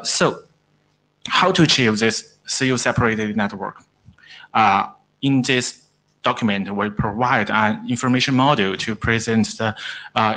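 A man, not an English speaker, giving a technical presentation at a standards meeting, with many pauses and restarts. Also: fairly low pitch, fairly bright tone, poor audio. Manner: halting, frequent "uh", broken grammar. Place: conference room.

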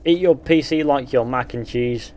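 A man with a blended Northern, West Country and Midlands English accent casually streams a game, reading viewer comments aloud and talking bluntly with swearing. He speaks at a moderate pace in a medium-pitched, slightly mellow voice, with a little hiss or hum in the audio.

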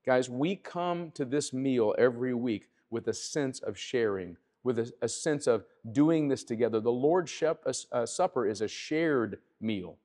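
Male pastor, conversational sermon delivery with restarts, average pitch, long hall reverb. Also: animated, measured pace, hardly any pauses, darkish tone. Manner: conversational preaching with asides and restarts. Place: church sanctuary.

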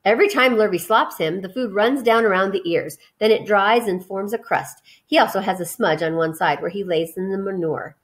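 A woman voicing a brisk, determined farm wife who insists on getting her way. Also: medium pitch, lightly acted. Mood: insistent.

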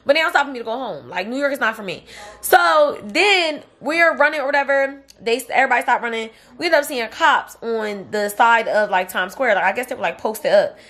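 A woman's voice: on the high side, lively intonation, brisk, a bit bright. A young woman telling a long, rambling story to camera in a casual vlog, leaning hard on fillers. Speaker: vlogger.

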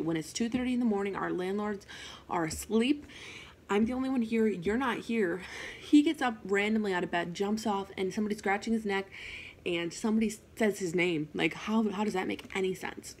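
A young woman with a gravelly, fry-laden voice at a mid pitch tells a ghost story, chatty and animated. A faint noise hums under the recording. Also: fairly quick. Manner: chatty, animated retelling with swearing and asides. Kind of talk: casual storytime vlog.

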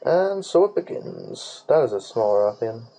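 A man's voice: medium pitch, very animated, unhurried, mellow, a little hiss or hum, poor audio. A man giving casual gaming commentary while he plays, rambling, swearing freely and humming nonsense tunes. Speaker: let's play gamer.

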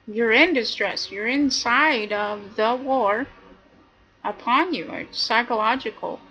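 A woman delivers an impassioned, indignant rant, her voice pitched a little high. Her tone is bright and sharp, and she keeps driving her points home through repetition. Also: slow, low-quality recording. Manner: indignant, preachy, repetitive emphasis. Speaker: video commentator. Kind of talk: impassioned monologue.

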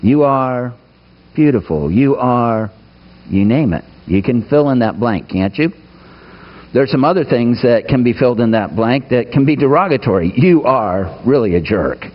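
A man's voice: mid-range voice, expressive, normal speed, dull audio. A man preaching a sermon to his congregation, emphatic, putting rhetorical questions to the listeners. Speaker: pastor. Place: church sanctuary.

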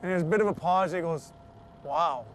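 A man being interviewed, telling a personal story in an animated way and acting out the voices of the people he quotes. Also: high-pitched, fast talker, slight background noise.

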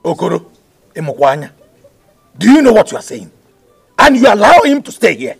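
An actor with a Nigerian accent playing a stern village elder who questions a kinsman loudly. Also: fairly high pitch, big pitch swings, measured pace, gravelly, breathy edge, no echo, faint music behind, full character voice. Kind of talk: Nollywood village drama acting.

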